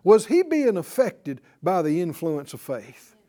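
A man's voice: high voice, big pitch swings, measured pace, mellow. A middle-aged man preaching a sermon to a congregation, drawing out emphatic phrases and calling for responses. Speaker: pastor.

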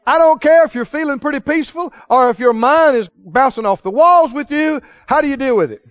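A man with a very high voice preaches a sermon, asking his listeners questions and drilling answers back to them. The sound is dry and a little muffled. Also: lively intonation, a little fast, no room sound. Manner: preaching with call-and-response questions to the congregation. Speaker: pastor.

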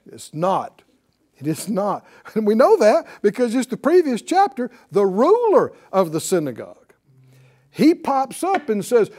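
Animated, high-pitched preacher man. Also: measured pace. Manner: animated, calls for responses from the congregation. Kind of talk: sermon.

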